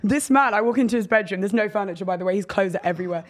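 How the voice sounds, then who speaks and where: A woman's voice: mid-range voice, racing. A young woman, a guest in casual chat, telling candid stories with lots of laughter. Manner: candid, animated storytelling with laughs.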